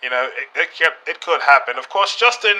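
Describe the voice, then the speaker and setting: A British man talking as a podcast guest, staying in character and speaking haltingly, with many fillers and restarts. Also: a little high, lively intonation, sharp tone, poor audio.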